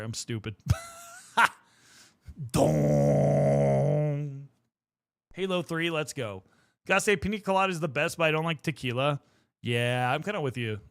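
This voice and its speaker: A young man on a livestream, chatting with his viewers as he paints. His voice sits a little high and sounds bright and forward, and it swings widely in pitch. He rambles, swears freely and talks straight to the chat. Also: dry recording. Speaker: streamer. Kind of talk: casual livestream chat while painting miniatures.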